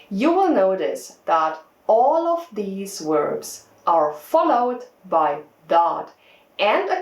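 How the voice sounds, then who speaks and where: A woman teacher giving a scripted English test-prep lesson, explaining words clearly and deliberately. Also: on the low side, roomy sound, low-quality recording.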